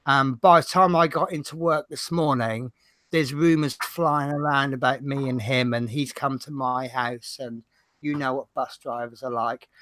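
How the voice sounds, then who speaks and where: A man's voice: medium pitch, steady tone, moderate pace, a bit bright, no room sound. A man with a Norfolk accent hosting a livestream, chatting casually and rambling with self-mocking humor. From Norfolk, England. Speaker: livestream host.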